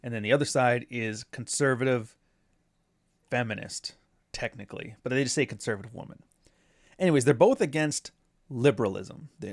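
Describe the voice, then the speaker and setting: A man's voice: mid-range voice, fairly quick, no room sound, studio quality. A man doing casual commentary, rambling through sarcastic asides. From Canada. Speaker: commentary host.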